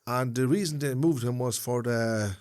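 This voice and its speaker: A man's voice: medium pitch, moderate pace, darkish tone, no room sound. Devout Irish man, dry close voice. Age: 50s. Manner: earnest, devout, speaks of faith with conviction. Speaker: podcast co-host. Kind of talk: casual chat.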